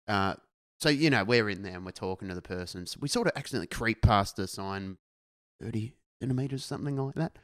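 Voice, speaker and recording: A man's voice: lowish voice, expressive, quick pace, dry recording. A man, co-hosting a casual podcast and ranting bluntly with lots of swearing. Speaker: podcast co-host. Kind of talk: casual chat.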